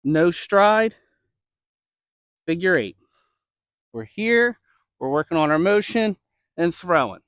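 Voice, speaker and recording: A man's voice: high voice, expressive, a little slow, a bit bright, clean tone, no echo. A man coaching baseball throwing drills, checking in often with "okay?" and a little out of breath. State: slightly out of breath. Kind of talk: instructional demo.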